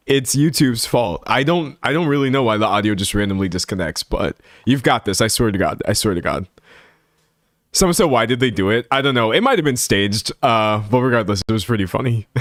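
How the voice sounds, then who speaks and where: A man's voice: medium pitch, expressive, a little fast, fairly bright tone, no room sound. A man chats loosely with his stream audience, breaking into laughter between thoughts and circling back on himself. His voice sits in an ordinary middle register. The sound is close and dry on a streaming mic, with no room around it. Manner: laughs often, rambling with restarts. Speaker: livestream host. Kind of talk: casual livestream rant. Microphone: streaming microphone.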